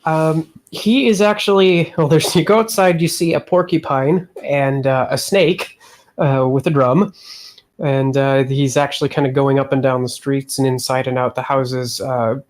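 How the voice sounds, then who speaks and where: Man GM, hesitant, mid-pitched, casual narration. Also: steady tone, normal speed, darkish tone. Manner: hesitant, many fillers, laughs easily. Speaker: game master. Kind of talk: narrating a tabletop game.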